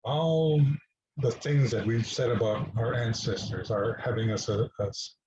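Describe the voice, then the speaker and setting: A man speaking as a guest, telling a personal story in a halting way with many restarts and fillers. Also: medium pitch, steady tone, darkish tone, slight background noise. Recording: dull lo-fi recording.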